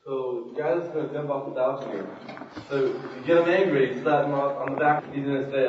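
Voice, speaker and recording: A man's voice: medium pitch, fairly quick. A man in the class, thinking aloud as he asks the teacher a question. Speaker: student in the class. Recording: roomy, distant, lo-fi with faint noise.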